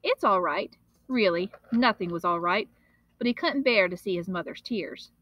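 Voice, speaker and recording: A woman, a teacher, reading a children's novel aloud in an expressive, steady storytelling manner. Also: mid-range voice, moderate pace, dry recording, highs cut off.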